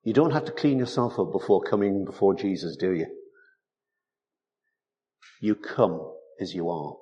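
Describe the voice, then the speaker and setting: A man's voice: sits low, expressive, a little slow, mellow, highs cut off. A man preaching a sermon, emphatic and full of rhetorical tag questions.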